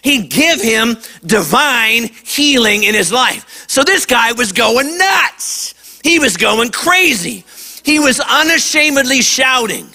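A man preaching a lively sermon to kids, acting out voices and shouting at the high points. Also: takes it slowly. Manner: animated, acts out voices. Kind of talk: sermon to a young audience.

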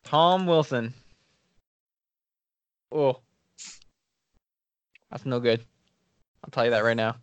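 A man's voice: mid-range voice, smooth, dry recording. Easygoing man, slightly muffled dry sound. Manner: easygoing, quick reactions, short laughs. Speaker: podcast co-host. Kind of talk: casual fantasy draft chat.

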